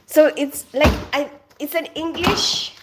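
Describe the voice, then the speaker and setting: Speaking slowly in a high-pitched voice over a noisy background, a woman streams live from her North London home. She grew up in the Philippines, and she laughs frequently as she reads out comments and says hello to viewers by name.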